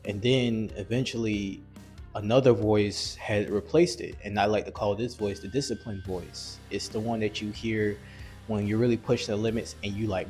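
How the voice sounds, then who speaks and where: A man giving a blunt, earnest motivational talk about self-discipline and weight loss, with frequent restarts, over soft music. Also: on the low side, steady tone, moderate pace. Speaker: fitness vlogger. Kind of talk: motivational monologue.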